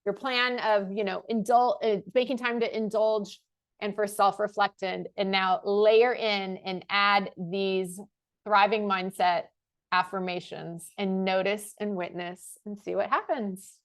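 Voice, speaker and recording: A woman at an ordinary, middle pitch who hosts a motivational talk. She repeats affirmations slowly and with weight, then slips into casual, self-mocking asides. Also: fairly even intonation. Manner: slow, emphatic repetition of affirmations; laughs and self-corrects casually. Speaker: life coach host.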